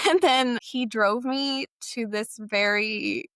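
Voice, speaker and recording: A woman's voice: fairly high pitch, fairly even intonation, slow pace, fairly bright tone, clear, resonant tone, no echo. A young woman from Texas, a guest in an interview, tells her personal story in a casual way. She speaks loosely, with lots of "like", and acts out bits of past dialogue. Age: young adult.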